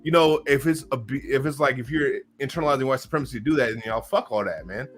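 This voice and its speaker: A man's voice: mid-range voice, fast, soft background music. A man from the US Northwest in a casual podcast conversation, laid-back and profane, chuckling between his points.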